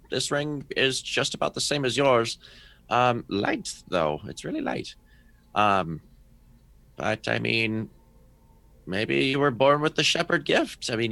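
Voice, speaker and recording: A man's voice: mid-range voice, gravelly, pushed and bright, no room sound, heavily acted. Man playing a cryptic old mentor mage. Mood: musing. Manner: cryptic, lecturing, trailing off mid-thought. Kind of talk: in-character tabletop role-play.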